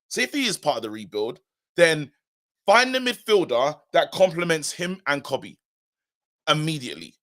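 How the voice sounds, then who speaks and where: Emphatic man, bright voice. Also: on the high side, normal speed. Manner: animated, emphatic, repeats himself. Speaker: co-host of a football fan show. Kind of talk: casual live-stream chat.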